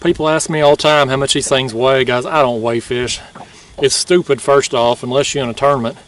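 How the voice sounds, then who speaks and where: A man vlogging from a kayak, talking in a casual, excited, folksy way and laughing often. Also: mid-range voice, brisk, recorded from a distance, slight background noise. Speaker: fishing vlogger. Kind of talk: casual outdoor vlog narration. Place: kayak on a river at night.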